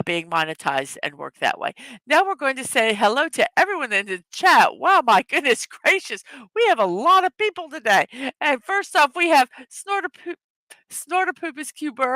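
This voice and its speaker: A chatty woman hosts a casual livestream, her voice bright and a little high. She rambles and restarts, laughing often, and the sound is close and dry. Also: dry recording. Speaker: livestream host.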